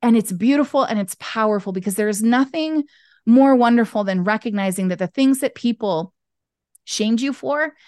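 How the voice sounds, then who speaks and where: Expressive woman guest on a call. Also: on the high side, normal speed, no room sound, studio quality. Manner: expressive, acts out quoted voices. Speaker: podcast guest, intuitive business owner. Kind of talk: candid conversational interview talk. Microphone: video call.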